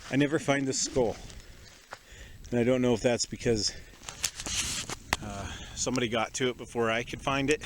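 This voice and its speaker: A man casually narrating an outdoor vlog from a stormy campsite, explaining each step with small asides in a relaxed, chatty way. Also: fairly low pitch, background noise. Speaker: outdoor vlogger.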